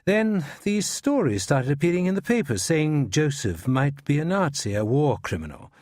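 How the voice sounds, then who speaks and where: A man's voice: fairly high pitch, very animated, normal speed, darkish tone, no room sound, clean studio sound. An actor playing an evasive older male academic from Scotland, defensive under police questioning.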